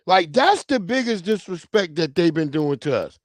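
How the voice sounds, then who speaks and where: A man hosting a casual livestream, talking in an animated, slangy way and calling out viewers by name. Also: high-pitched, normal speed, dry recording, studio quality. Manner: animated, slangy, reads viewer names aloud. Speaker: livestream host.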